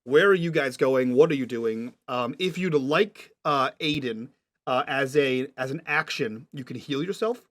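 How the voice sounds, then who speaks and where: A man's voice: medium pitch, measured pace, a bit bright. A man narrating a tabletop game as game master, describing scenes patiently and checking what the players mean.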